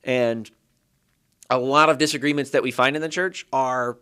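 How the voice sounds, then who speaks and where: Man, podcast guest, Hebrew teacher, thoughtful, step-by-step explaining, mid-pitched. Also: fairly even intonation, moderate pace, pushed and bright, smooth. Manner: thoughtful, building points step by step. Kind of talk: explanatory interview talk.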